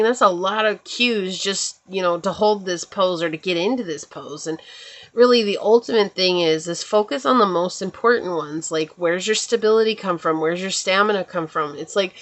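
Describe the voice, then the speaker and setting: A woman's voice: medium pitch, a bit bright. A woman giving a casual spiritual tarot reading, chatty and meandering, reassuring her listeners and often checking in with "right?". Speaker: tarot reader.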